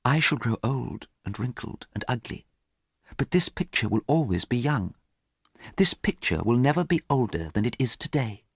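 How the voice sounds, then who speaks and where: A man's voice: mid-range voice, big pitch swings, moderate pace, creaky, husky, no room sound, voice pushed up, exaggerated voice. A man voicing a vain, anguished young man in a pleading, emotional way. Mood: despairing.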